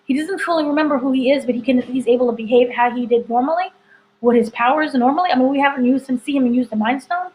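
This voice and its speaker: A woman's voice: high voice, fast talker, a little mellow, poor audio. A woman editor chatting casually through a spoiler review, rambling with lots of "like" and "you know". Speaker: entertainment editor reviewing a TV episode.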